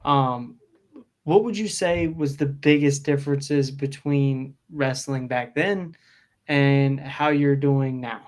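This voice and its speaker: A man's voice: medium pitch, slow pace. A man hosting a podcast, asking casual, hesitant questions with loose phrasing and restarts. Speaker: podcast host.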